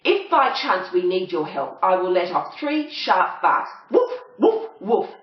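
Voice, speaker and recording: A woman's voice: mid-range voice, huge pitch swings, measured pace, echoey room, muffled recording, pitched above the performer's own voice. A woman voicing a brave, eager male poodle in a storybook reading, with an Australian accent.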